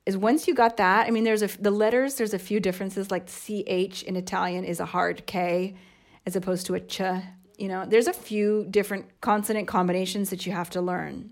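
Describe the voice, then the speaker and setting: This is a woman from the United States in her thirties, talking in a relaxed, conversational way. She explains things eagerly, working through examples as she goes. Her voice sits in a middle pitch for a woman. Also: a little fast. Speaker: podcast co-host and mother. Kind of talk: casual chat.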